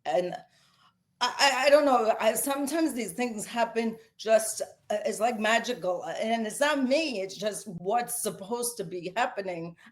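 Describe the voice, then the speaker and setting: A woman's voice: a little high, measured pace. A woman with a Brooklyn accent, a guest author telling stories emphatically in a casual interview. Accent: Brooklyn New York. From Brooklyn, New York. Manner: emphatic, animated storyteller.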